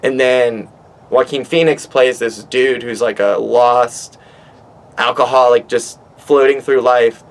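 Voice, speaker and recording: A man vlogging from his back porch, telling a story in an animated, rambling way and swearing a lot. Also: mid-range voice, slow. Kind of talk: casual storytelling monologue. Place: outdoors on a back porch by water.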